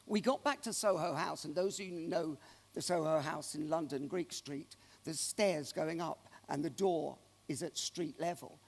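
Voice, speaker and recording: A man's voice: on the high side, measured pace, creaky. Man telling stories in a big echoing hall. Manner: animated anecdotal storyteller. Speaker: keynote speaker. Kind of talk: storytelling keynote speech. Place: large conference hall. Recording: long reverb of a large hall.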